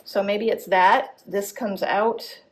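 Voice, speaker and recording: A woman's voice: medium pitch, fairly even intonation, slow. A woman teaching art, giving a live drawing demonstration at a gallery workshop and thinking aloud as she corrects her lines. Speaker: art instructor.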